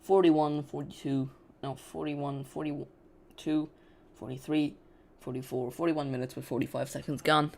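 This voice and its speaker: Football watch-along host, chatty and loose, talks straight to the chat, mid-pitched voice. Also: level tone, a little slow, gravelly, hardly any pauses. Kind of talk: casual live watch-along commentary.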